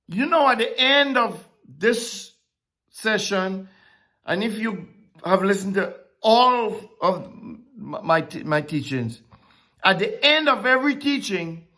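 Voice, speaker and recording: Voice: mid-range voice, lively intonation, slow pace, pushed and bright. A Bible teacher preaching a sermon-style lesson, who asks rhetorical questions and repeats key phrases for emphasis.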